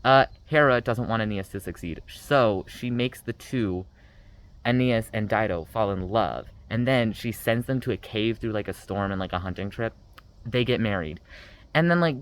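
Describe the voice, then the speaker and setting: A man's voice: lowish voice, animated, moderate pace, slight background noise, low-quality recording. A man giving a casual, rambling book review rant, sarcastic and full of fillers.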